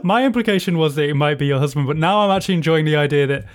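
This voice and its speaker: A woman as game master, narrating a tabletop game in a wry, quick manner. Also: low-pitched.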